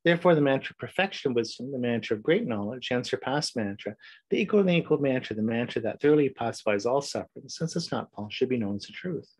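A man teaching a recorded meditation class, chatting loosely with fillers before reciting a sutra in a steady voice. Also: mid-range voice, fast talker, husky, no room sound, poor audio. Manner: relaxed, rambling intro with fillers, then steady recitation. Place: home, recording solo before travel.

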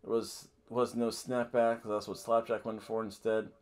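A man's voice: on the low side, little pitch movement, normal speed, a little mellow. A man hosting a wrestling podcast, recapping a show in a rambling, self-correcting way with jokey asides.

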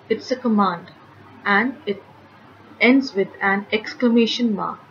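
Slow, careful woman teaching grammar. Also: medium pitch, dull audio, slight background noise. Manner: slow, careful, clearly enunciated reading of example sentences. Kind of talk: grammar lesson for children.

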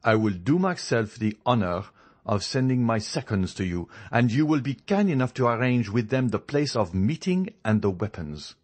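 A man's voice: mid-range voice, sing-song, normal speed, pitched above the performer's own voice. A man voicing a proud young nobleman in an audiobook, demanding and insistent, his anger held in. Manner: insistent, demanding, stifled rage. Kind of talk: audiobook character reading.

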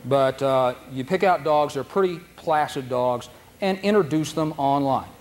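A man teaching a dog training seminar in a folksy, animated way, acting out dogs' thoughts in silly voices, recorded on a noisy old video tape. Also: mid-range voice, measured pace. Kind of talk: seminar lecture.

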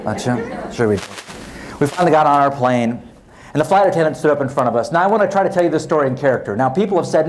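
Animated high-voiced male keynote speaker. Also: fast. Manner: animated, punchy storytelling with quoted voices. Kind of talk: humorous storytelling speech. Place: venue with a live audience. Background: audience laughter.

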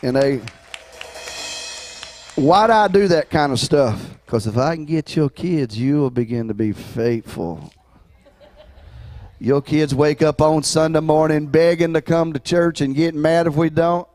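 A folksy, rambling pastor chatting casually to his church during the offering. His voice sits a bit high for a man and is recorded dry and close, with little room sound. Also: a little slow, a little mellow, dry recording. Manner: folksy, rambling, Southern colloquial phrasing. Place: church sanctuary.

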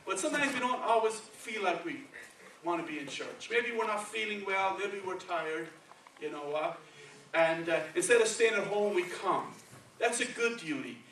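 High, bright-voiced preacher in an echoey church. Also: male voice, lively intonation, moderate pace, far from the mic, a little hiss or hum. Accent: Spanish-accented English. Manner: conversational, checks in with "okay" and "right". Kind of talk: sermon. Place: church sanctuary.

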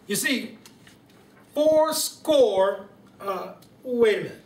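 A stately, slow-spoken president, as a man puts him on for a home birthday video, stretching every formal phrase with comic stumbles. He is heard from some distance in an echoing living room. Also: very high voice, animated, darkish tone, heavily acted. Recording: roomy room sound from a distant camera.

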